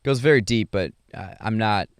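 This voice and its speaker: A young adult man hosting a podcast, talking through his thoughts in a rambling, halting way with many fillers and restarts. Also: on the low side, no room sound, studio quality. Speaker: podcast host. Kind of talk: casual reflective monologue.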